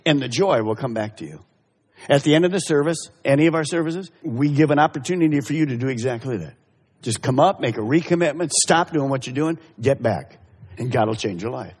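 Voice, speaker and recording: Husky, animated preaching man. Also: mid-range voice, fairly quick. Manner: emphatic, repeats key phrases, addresses congregation directly. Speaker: pastor. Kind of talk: sermon. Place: church service. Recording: echoey hall reverb.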